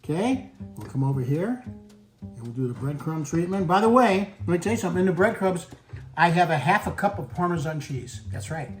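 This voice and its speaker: A man's voice: a little high, lively intonation, fairly quick. A man hosting a home cooking demonstration in a kitchen, playful and chatty, talking straight to his viewers. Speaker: cooking show host. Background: background music.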